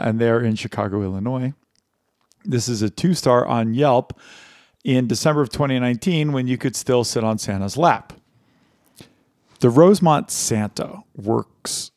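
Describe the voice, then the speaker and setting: Reading reviews aloud with friends, this podcast co-host laughs a lot and rambles, frequently restarting. His mid-range voice is a little mellow, captured in studio quality without echo.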